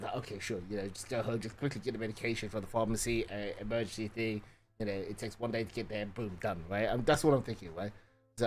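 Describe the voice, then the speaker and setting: A man's voice: medium pitch, fast, faint music behind. A man streaming live, chatting casually with viewers in a rambling way, full of fillers, swearing and "right?".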